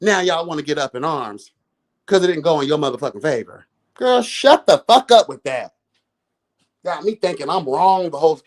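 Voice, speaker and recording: A man in his late thirties hosts a live review of a reality show. He rants in a sassy, profane, exasperated way. His pitch swoops up and down all the time. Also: sing-song, moderate pace. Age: 30s. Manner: addresses listeners as girl and y'all.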